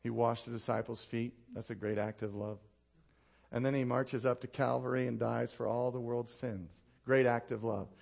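A male pastor preaches at a moderate pace with flat delivery and vocal fry. Even so, he animates his stories, laughs at his own anecdotes, goes low and quiet to make a point hit, and calls for responses from the congregation.

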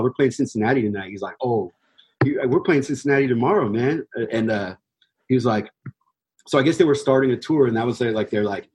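A man's voice: medium pitch, a little mellow, breathy edge, poor audio. A young man telling a rambling story about his band in a casual, laid-back chat. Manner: laid-back, rambling, heavy fillers, swears freely. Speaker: touring band musician.

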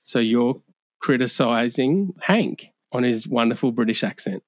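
A man's voice: medium pitch, expressive, measured pace, no room sound. Easygoing Australian man, podcast guest. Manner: easygoing, laughs often. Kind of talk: casual podcast chat.

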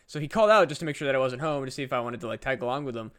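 A man's voice: mid-range voice, animated, very fast, a bit bright, smooth. A young man, a podcast co-host, telling a casual story with lots of fillers and swearing. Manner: rambling, profane, many fillers.

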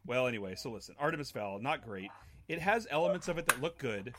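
A man co-hosting a casual chat, telling animated stories and laughing often. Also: mid-range voice, quick pace. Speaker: podcast co-host. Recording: noticeable background noise.

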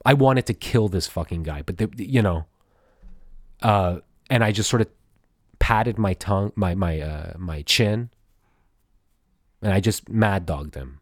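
A man's voice: low voice, unhurried, pauses often, no room sound. A man hosting a podcast, telling a story in a casual, profane, rambling way with many restarts, into a studio microphone. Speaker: podcast host.

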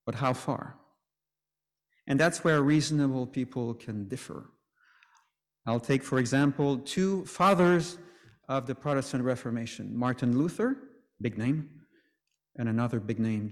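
A male preacher gives a sermon in an easy, conversational manner and slips in joking asides. His voice sits at a middle pitch. A long church reverb trails every phrase.

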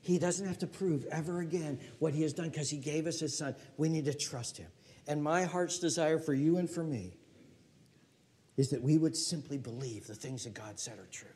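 An older male pastor preaching a sermon emphatically, asking rhetorical questions and sometimes dropping to a hushed whisper. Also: fairly high pitch, moderate pace.

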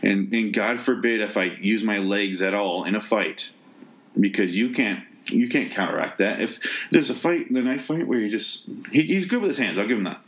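A man with a somewhat low voice tears into a film he hated, exasperated and swearing freely. His delivery rambles and restarts, full of sarcasm and disbelief. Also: normal speed, a bit bright. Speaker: movie reviewer. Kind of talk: ranting movie review.

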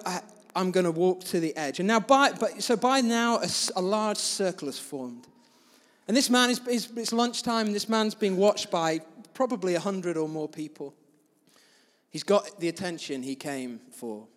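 A man's voice: sits high, lively intonation, normal speed. Male pastor, sermon, storytelling, echoing church hall. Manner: storytelling with big swings between loud and soft.

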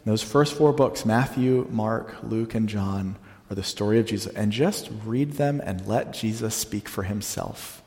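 A man, a pastor, preaching a sermon in a conversational way, slowing down to stress the lines he quotes. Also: lowish voice, a little mellow, in a large hall.

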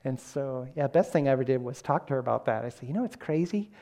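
A man's voice: mid-range voice, expressive, quick pace, dark tone. A middle-aged man preaching a sermon in an earnest, conversational way, often restarting his sentences. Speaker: pastor.

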